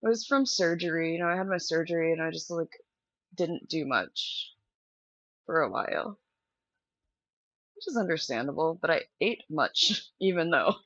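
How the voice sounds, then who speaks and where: A woman's voice: deep voice, animated, normal speed, long pauses, fairly bright tone, no echo. Chatty young woman on dull stream audio. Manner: chatty and candid, talking straight to viewers. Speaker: live streamer. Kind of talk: casual live-stream chat.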